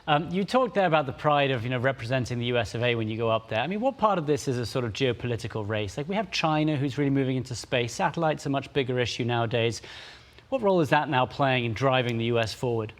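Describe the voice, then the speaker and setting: A man co-hosts a live news segment. He asks his questions casually and talks at a brisk clip. His voice has a mid-range pitch. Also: animated. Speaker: news co-anchor.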